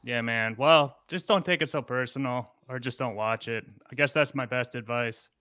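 A man's voice: mid-range voice, moderate pace, bright, forceful tone, clear, resonant tone, no echo, clean studio sound. A man on a call-in show, answering an accusation in a laid-back, apologetic way. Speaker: caller. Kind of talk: call-in argument.

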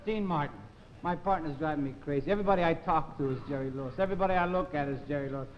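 A man performing in a 1950s TV comedy sketch, talking in a frantic, pleading way that swings from mutters to shouts. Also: on the high side, racing. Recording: lo-fi 1950s TV recording with hiss.

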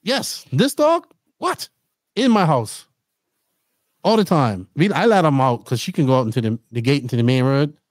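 A middle-aged man hosting a podcast, telling rambling, animated stories in casual chat. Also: mid-range voice, brisk, dry recording, studio quality. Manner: rambling, animated storytelling with laughs. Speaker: podcast host.

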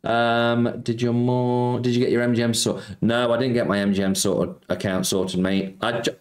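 Animated and medium-pitched, this man speaks at a moderate pace while hosting an easygoing slots live stream. Chatty throughout, he reads the chat out, answers viewers, and drops "mate" a lot. The audio echoes, with music behind.

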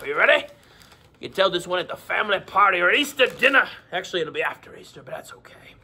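A male teacher running a playful lesson for children, cracking pirate jokes and slipping into a gruff pirate voice. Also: sits high, very animated, fast, sharp tone. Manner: hammy, joking, slips into a gruff pirate voice.

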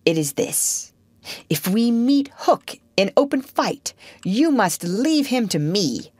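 Woman reading as bold bossy boy leader, sharp, storybook, slow, lively pitch, dry sound. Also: breathy edge, no room sound, full character voice. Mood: commanding. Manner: sharp, commanding. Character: boastful bold boy leader of lost boys. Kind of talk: audiobook character reading.

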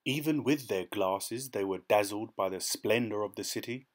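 A man reading a children's story aloud with expressive storytelling. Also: on the low side, normal speed. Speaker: storybook reader.

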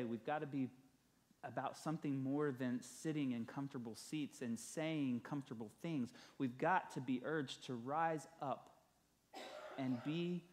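A man's voice: mid-range voice, a little mellow, a little hiss or hum. A male pastor preaching a sermon, telling a story and building emphasis through repeated phrases.

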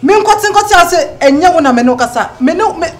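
A woman's voice: very high voice, animated, quick pace. An actress with a Ghanaian accent playing a possessive young woman who threatens a rival in a film drama. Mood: threatening.

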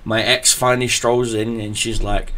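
A man hosting a podcast, telling a story in a profane, animated way. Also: medium pitch, moderate pace. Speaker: podcast host. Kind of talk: casual podcast chat.

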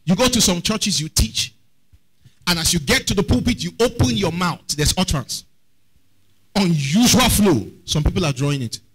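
High-voiced pastor preaching. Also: male voice, expressive, moderate pace, fairly bright tone, slightly rough, poor audio. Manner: preaching with rhetorical questions to the congregation. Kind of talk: sermon.

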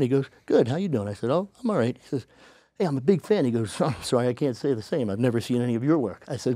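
A man, a podcast guest, telling a story casually and acting out the people he quotes in a higher voice. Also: animated, fast talker, dark tone, dry recording, clean studio sound. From United States.

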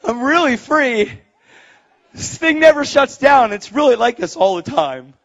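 A man preaching a sermon to a crowd, animated and excitable, swinging between hushed and loud delivery. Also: very high voice, measured pace. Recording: dull lo-fi sound.

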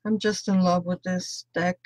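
A woman's voice: on the low side, flat delivery, normal speed, darkish tone, no echo. A woman tarot reader doing a chatty live-stream reading, greeting viewers by name and laughing often.

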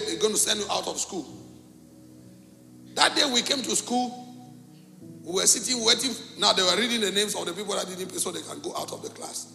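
A middle-aged pastor from Cameroon, preaching a sermon and telling a story with animated, acted-out dialogue in a gravelly voice. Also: male voice, sits high, fairly quick, soft background music. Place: church hall. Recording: echoey church hall.

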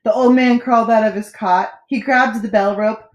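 A woman teacher reading a children's storybook aloud with expressive, animated storytelling. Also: on the high side, normal speed, echoey room, lo-fi sound.

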